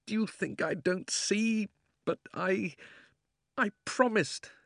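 A man reading an audiobook, voicing a troubled young boy who answers in a strained, pleading voice and sometimes bursts out loudly. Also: medium pitch, fast talker, no room sound, clean studio sound, lightly acted. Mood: miserable. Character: anxious young boy torn by a hard choice.

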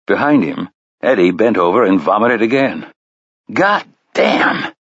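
Husky low-voiced male narrator. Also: lively intonation, moderate pace, no echo. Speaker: audiobook narrator. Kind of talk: scripted narration. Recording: dry, slightly muffled recording.

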